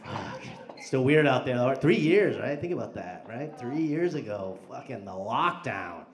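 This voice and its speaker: A man's voice: mid-range voice, animated, a little slow. A male stand-up comedian doing crude, profane crowd work in a live comedy club, teasing people in the audience. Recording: echoey club, loud background noise.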